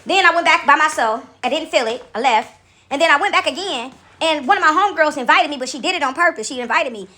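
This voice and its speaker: A woman casually telling a story to her viewers, acting out quotes with animated, laughing exclamations. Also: high-pitched, fast.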